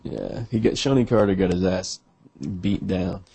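Gravelly, husky-voiced laid-back man. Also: low-pitched, steady tone, moderate pace, mellow.

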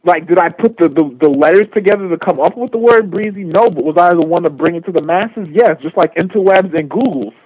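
A swaggering caller with a breathy, sleepy drawl and plenty of slang, as a man puts him on. His voice sits high and cocky, delivered close and dry like a radio call-in comedy bit. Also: a little fast, hardly any pauses, a little mellow, no room sound, rough recording. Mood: indignant. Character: swaggering street-talking male caller, sleepy boastful.

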